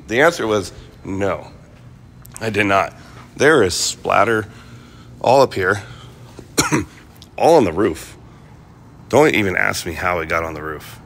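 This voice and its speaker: A man's voice: low voice, lively intonation, a little slow, creaky, long pauses, a bit bright. A man vlogging casually about restoring his car, rambling with lots of fillers and restarts. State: coughing, clearing his throat. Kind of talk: casual talk to camera.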